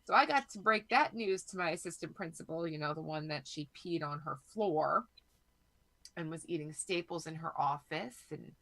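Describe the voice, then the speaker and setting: A woman in her thirties, hoarse from a cold, chatting as a podcast co-host and telling rambling, profane stories. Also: low voice, animated, normal speed, fairly bright tone. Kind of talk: casual chat.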